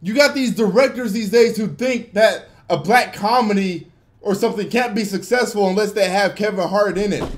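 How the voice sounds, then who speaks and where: A young man hosting a livestream, ranting with lots of swearing and swinging between yelling and muttering. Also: sits high, normal speed. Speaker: livestream host. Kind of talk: unscripted livestream rant.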